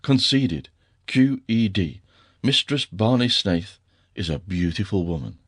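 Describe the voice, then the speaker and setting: A man's voice: on the low side, lively intonation, a little slow, slightly rough, dry recording, studio quality. A male narrator voicing a teasing, affectionate young husband with a wry, fond way of talking.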